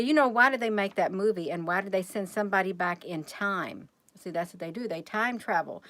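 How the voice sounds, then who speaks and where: A woman's voice: on the low side, pushed and bright, no room sound. A woman hosting a casual livestream, rambling and chatty as she keeps talking straight to her viewers.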